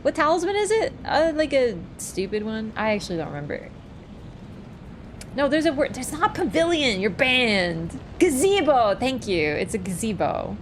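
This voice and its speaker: A woman's voice: fairly high pitch, big pitch swings, moderate pace, slight background noise. A woman streaming a game, chatting casually in a playful, teasing, rambling way. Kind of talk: casual chat while gaming.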